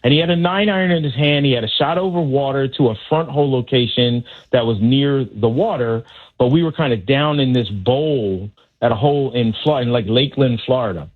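Husky man telling stories over a phone line. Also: medium pitch, brisk. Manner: animated, acts out voices in his stories. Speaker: golf caddy, guest. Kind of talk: casual storytelling on a radio show.

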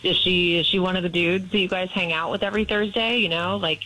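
A woman on a phone call speaks with pointed, indignant sarcasm. Her voice sits a little low, yet her tone is bright and cutting. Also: steady tone, brisk. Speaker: caller on the phone.

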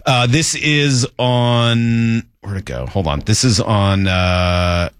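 A man's voice: on the low side, takes it slowly, clear, resonant tone, no room sound, clean studio sound. A man co-hosting sports talk radio, joking and laughing easily.

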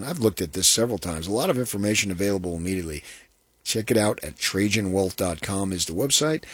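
Husky folksy man reading a radio ad. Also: lowish voice, dry recording. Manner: conversational, folksy, repeats points. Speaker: radio ad pitchman. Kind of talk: casual spoken radio ad read.

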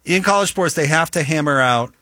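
A man's voice: fairly high pitch, a little fast, bright, forceful tone, no echo, clean studio sound. A man hosting a casual sports talk show, playful and conversational.

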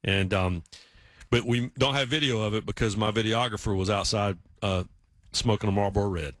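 A man telling casual stories in a relaxed chat, acting out the voices of people he quotes. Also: fairly low pitch, normal speed. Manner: storytelling, acts out quoted voices.

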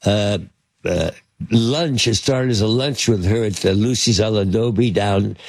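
A man's voice: unhurried, darkish tone, dry recording. An older man telling a rambling anecdote as an interview guest, hesitant and full of fillers and restarts. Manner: acts out quotes with sudden pitch jumps. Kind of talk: anecdotal storytelling.

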